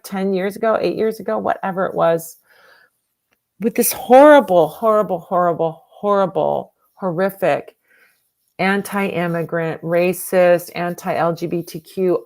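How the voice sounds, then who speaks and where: A woman's voice: mid-range voice, darkish tone. A middle-aged woman hosting a livestream fundraiser, talking to viewers in an earnest, emotional, repetitive way. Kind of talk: casual livestream chat.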